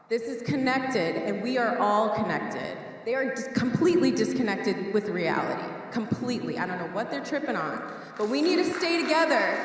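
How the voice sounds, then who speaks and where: A woman community organizer giving a fervent, emphatic rally speech at a public meeting. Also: medium pitch. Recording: echoey hall, voice from far off.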